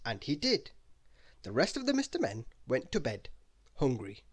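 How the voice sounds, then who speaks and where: A man reading a bedtime story aloud in an expressive, lively way. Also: medium pitch, moderate pace, long pauses, husky.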